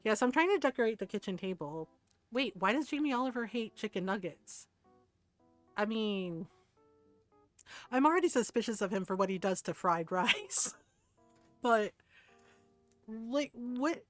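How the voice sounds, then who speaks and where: A woman's voice: on the high side, expressive, moderate pace, pauses often, dry recording, faint music behind. A middle-aged woman streaming a game, chatting casually, telling stories, quoting people and laughing often. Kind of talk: casual chat while gaming.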